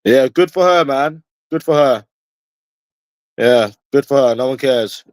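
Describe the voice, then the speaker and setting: A man's voice: medium pitch, measured pace, a little mellow, dry recording. Combative London man ranting to chat. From London, England. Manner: confrontational, profane, repetitive. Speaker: streamer answering chat. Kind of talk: combative livestream rant.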